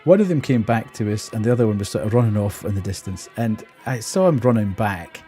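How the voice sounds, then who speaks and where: A man's voice: lowish voice, lively intonation, a little fast, mellow, faint music behind. A man, streaming and telling an exasperated story in casual chat while laughing often.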